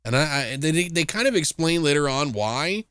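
Casual male podcaster, animated storyteller. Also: normal speed, smooth, no room sound, studio quality. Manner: animated retelling, jumps into high-pitched impressions of characters; swears casually. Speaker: podcast co-host. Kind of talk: casual movie review chat.

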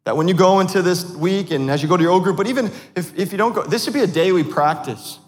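A man in his thirties preaches with a slightly high voice that rings through a church with a long reverb tail. He is animated and self-deprecating, breaking into laughs between points. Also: quick pace. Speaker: pastor. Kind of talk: sermon. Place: church sanctuary.

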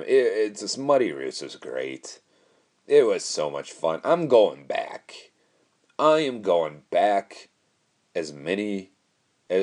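A man's voice: on the low side, darkish tone. A young man hosting his own podcast, telling a story in a rambling, casual way, laughing often and swearing freely. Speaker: podcast host.

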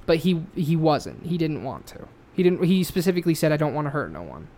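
A man's voice: fairly high pitch, fairly quick. A man co-hosting a casual podcast, swearing freely and telling a story with rising feeling. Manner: profane, animated storytelling. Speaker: podcast co-host.

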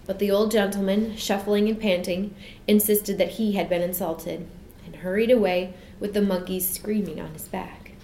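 Woman narrator, gentle storybook reading, echoey room, faint hiss. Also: mid-range voice, fairly even intonation, normal speed.

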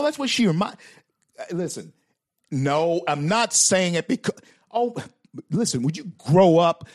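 In a studio-quality recording free of echo, a man with a slightly high voice hosts a talk show. His political commentary is opinionated and emphatic, full of repeated lines for effect and stammered restarts.

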